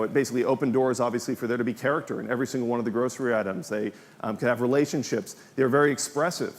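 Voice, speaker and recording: A man rattles through a conference presentation at a brisk clip, dropping plenty of ums along the way. His mid-range voice carries a long reverb tail from a large hall. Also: mid-range voice. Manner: fast, filler-heavy with frequent ums. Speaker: game developer giving a conference talk.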